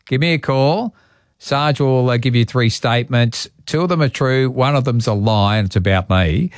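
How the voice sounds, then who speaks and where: A man's voice: medium pitch, normal speed, no room sound, studio quality. A man with an Australian accent hosting a radio show, chatting casually and reading local ads in a laid-back, matey way. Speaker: radio host. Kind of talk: casual radio chat and live reads.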